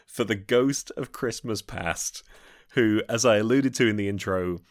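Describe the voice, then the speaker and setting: A man's voice: fairly low pitch, unhurried, dry recording. A man co-hosting a casual film podcast, talking with wry, dry humor. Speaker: podcast co-host.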